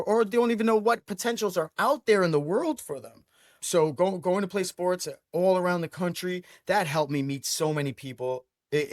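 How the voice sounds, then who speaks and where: A middle-aged man from Brooklyn, telling his life story as an interview guest with emphatic, energetic delivery and frequent repeated words. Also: on the high side, no echo, studio quality. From Brooklyn, New York. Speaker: franchise owner guest.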